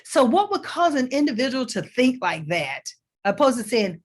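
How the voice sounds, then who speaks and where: A woman's voice: sits high, very animated, moderate pace. A woman career coach speaking as a guest on a talk show. She explains things step by step and acts out example questions to show her point. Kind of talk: conversational teaching.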